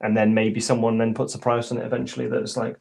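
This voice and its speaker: A man's voice: mid-range voice, little pitch movement, quick pace, gravelly, a little mellow. British man, casual panel talk, easygoing, joking. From Britain.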